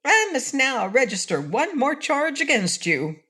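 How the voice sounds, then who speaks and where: A woman voicing a small stuffed toy bear sentry in an audiobook, squeaky, prim and pleased with himself. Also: sing-song, unhurried. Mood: smug. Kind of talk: audiobook reading.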